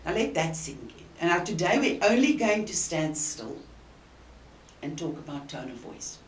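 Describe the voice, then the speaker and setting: A woman with a South African accent giving an earnest, emphatic coaching talk to the camera, with deliberate pauses. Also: lowish voice, big pitch swings. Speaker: communication coach. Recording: roomy and distant with faint hiss.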